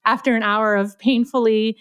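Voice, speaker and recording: A young adult woman as a podcast guest, chatting and telling stories in a lively way, with lots of "like" fillers. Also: on the high side, moderate pace, smooth, no room sound. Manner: chatty, animated, heavy use of "like". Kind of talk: casual storytelling interview.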